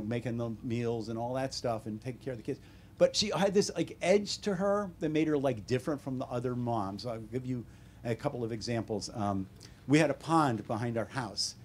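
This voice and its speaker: Older American man, wry deadpan storyteller, bookstore talk, faint hiss behind. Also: mid-range voice. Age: 70s. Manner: wry, deadpan humor with animated quoted voices. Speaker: author at a book talk. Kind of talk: casual storytelling Q&A. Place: bookstore event room.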